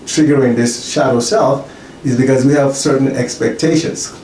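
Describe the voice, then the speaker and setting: A man explaining spiritual ideas in casual talk, animated and acting out little scenes in different voices. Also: mid-range voice, moderate pace. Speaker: spiritual teacher. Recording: roomy, distant mic, faint hiss.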